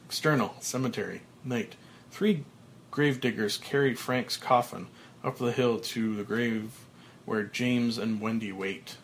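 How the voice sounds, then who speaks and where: A podcaster reading a screenplay's stage directions aloud in a slow, flat manner. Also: male voice, on the low side, a little hiss or hum.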